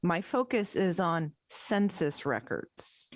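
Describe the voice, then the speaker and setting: A woman playing a tabletop game, calmly saying what her character does. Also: on the low side, slow, dry recording. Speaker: player.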